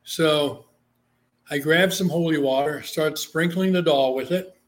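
A middle-aged man, an author and interview guest, telling stories in a lively way and acting out the voices of the people in them. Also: fairly high pitch, measured pace. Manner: animated, acts out the voices in his stories. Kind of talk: storytelling in an interview.

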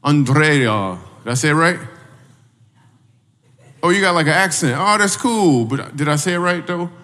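Here the comic's voice sits a little high, animated and bright, with a forceful tone at a moderate pace. He's doing crowd work in a church hall, poking fun at audience members and repeating his questions, captured from afar amid hall reverb.

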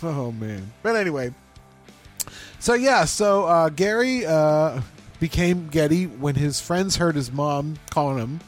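A man's voice: on the high side, animated, a little slow, faint music behind. A man co-hosting a casual podcast, joking around and laughing often as he tells stories. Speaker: podcast co-host.

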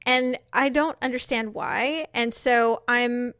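A woman's voice: fairly high pitch, fairly even intonation, takes it slowly, a bit bright, smooth, dry recording, clean studio sound. A woman in her thirties chatting casually as co-host, telling stories animatedly and acting out quotes with laughs. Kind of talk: casual chat, storytelling.

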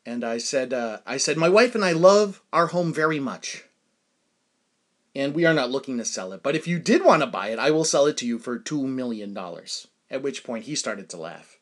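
A man's voice: mid-range voice, expressive, fairly quick, hardly any pauses. A man hosting a solo podcast, telling rambling stories and laughing at his own jokes. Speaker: podcast host.

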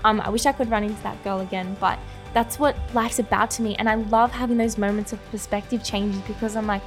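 A woman's voice: mid-range voice, fairly even intonation, fairly quick, faint music behind. A young woman, co-hosting a casual faith podcast, talking earnestly and heartfelt with lots of "like" and "you know". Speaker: podcast co-host.

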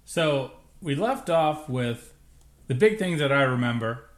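A man in the middle of the male range co-hosts a laid-back podcast. He rambles, pauses and fills gaps with "uh" as he thinks out loud. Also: mid-range voice. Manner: relaxed, rambling, hesitant with fillers. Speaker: podcast co-host. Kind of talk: casual chat.

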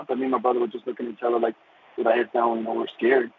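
A man giving an earnest personal faith testimony, halting and full of fillers and restarts, over a tinny phone-like radio recording. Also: medium pitch, completely flat delivery, a little hiss or hum. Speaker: guest telling his faith testimony.

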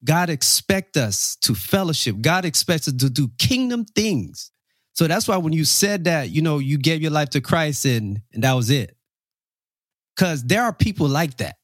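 A man's voice: a little high, very animated, moderate pace, no echo, clean studio sound. A man hosting a faith podcast, earnest and preacherly as he questions his guest. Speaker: podcast host.

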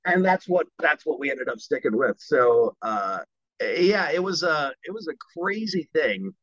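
A man, a voice actor, telling animated and jokey stories in an interview. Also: fairly high pitch, measured pace, no room sound, muffled recording. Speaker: voice actor guest. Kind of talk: anecdotal interview talk.

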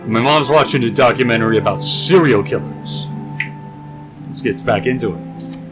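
A young man co-hosting a podcast, casually telling a long story and acting out the quotes in higher voices. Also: normal speed, music in the background, poor audio. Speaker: podcast co-host. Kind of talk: casual chat.

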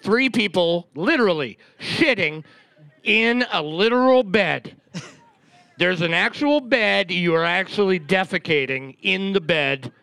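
Lively high-voiced man riffing at trivia. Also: takes it slowly, vocal fry, smooth, dry recording. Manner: playful riffing, laughs often. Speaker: trivia night co-host. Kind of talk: live bar trivia banter. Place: bar or brewery trivia night.

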